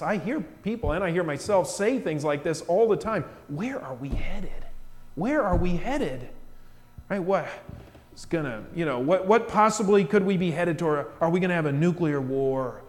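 High-voiced preacher with churchy reverb. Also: male voice. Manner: animated storytelling with rhetorical questions; swings between hushed and loud emphasis. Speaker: pastor. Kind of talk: sermon.

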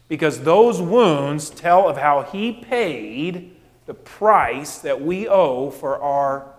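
Brief: male preacher, high-pitched for a man, emphatic sermon with rhetorical questions, reverberant hall. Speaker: pastor.

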